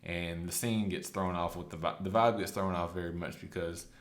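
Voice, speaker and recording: A man casually recapping a story, chatty and loose, slipping into quick quoted lines. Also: low-pitched, fairly even intonation. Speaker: anime recap host.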